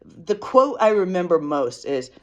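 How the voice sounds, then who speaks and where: A woman's voice: fairly low pitch, animated, moderate pace, muffled recording. A tired woman telling a story casually in a rambling, self-deprecating way, with many fillers and restarts. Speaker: vlogger.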